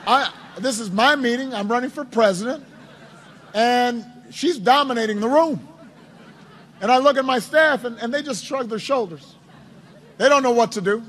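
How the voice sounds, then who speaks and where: A man with a markedly high-pitched voice tells a long anecdote to a room of supporters. He often repeats his words as he goes, and he keeps his speech light with dry, humorous asides. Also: moderate pace, long pauses, fairly bright tone, some chatter behind, slight background noise. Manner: storytelling with many self-repetitions and wry asides. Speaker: politician addressing supporters. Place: indoors at a campaign office.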